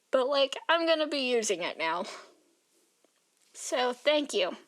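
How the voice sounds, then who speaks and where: A tired young woman rambles through a casual vlog chat, leaning on "like" in nearly every phrase. Her voice sits a little high, and she sounds worn out and sleepy. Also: very animated, unhurried, pauses often. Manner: rambling, filler-heavy, says "like" constantly. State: tired, yawning. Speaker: art vlogger.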